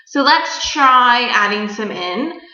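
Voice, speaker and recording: A young woman teacher giving a recorded grammar lesson, explaining clearly and patiently to children. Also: fairly high pitch, expressive, takes it slowly, pushed and bright. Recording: dull echoey room recording.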